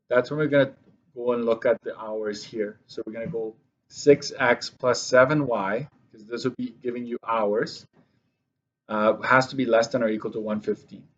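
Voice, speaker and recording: A man's voice: mid-range voice, fairly even intonation, normal speed. Man teaching math, dull lo-fi sound. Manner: talks to students while writing, with self-corrections. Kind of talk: classroom lesson walkthrough.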